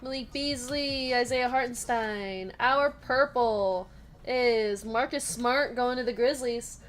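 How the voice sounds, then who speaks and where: Over faint background music, a woman with a highish voice speaks at a slow pace while hosting a live trading card break. She's chatty and giggly, laughing between card calls as she names her pulls and reads comments from the chat.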